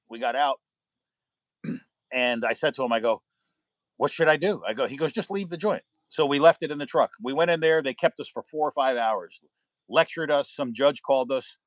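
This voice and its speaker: A man's voice: a little high, dry recording. A man from the United States hosting a live stream, chatting with viewers and telling rambling stories, swearing freely. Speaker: livestream host. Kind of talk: casual chat with viewers. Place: indoors at home by a window.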